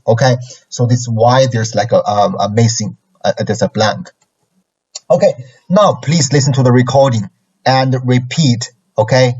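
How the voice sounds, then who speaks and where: A man's voice: mid-range voice, a little mellow, husky. A man teaching Chinese pronunciation in a classroom lesson, who keeps checking in with a questioning "okay?". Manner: ends phrases with a checking "okay?". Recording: dull lo-fi recording.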